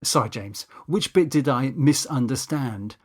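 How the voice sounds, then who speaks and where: A man's voice: medium pitch, a little slow, natural voice. A man doing a pompous, indignant cinematographer. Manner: indignant, lecturing, stiff formal wording. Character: pompous, touchy male cinematographer, adult.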